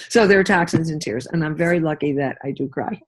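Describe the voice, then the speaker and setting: An older woman, an interview guest, telling personal stories and acting out the voices of people she quotes. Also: low-pitched. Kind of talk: interview conversation.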